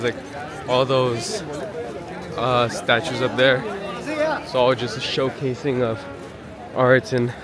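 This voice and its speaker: A man chatting casually as a travel vlogger, rambling and joking at himself while walking outdoors with a handheld camera. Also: medium pitch. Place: outdoors at a busy palace grounds. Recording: outdoor crowd noise. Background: crowd chatter.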